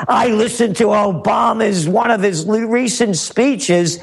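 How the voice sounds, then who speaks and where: A man's voice: sits high, unhurried, vocal fry, hardly any pauses, breathy edge. A man giving heated political commentary, emphatic and repetitive, firing off rhetorical questions. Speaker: guest commentator.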